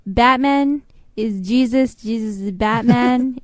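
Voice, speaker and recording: A woman co-hosting a casual call-in chat, teasing her co-hosts and laughing often. Her voice sits a little high, and the sound is dry and close. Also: takes it slowly, dry recording.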